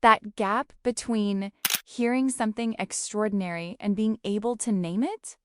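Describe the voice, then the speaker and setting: A woman's voice: mid-range voice, normal speed. Dramatic woman narrator, noisy recording. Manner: dramatic, clipped emphatic phrases. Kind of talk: scripted narration. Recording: clear background noise.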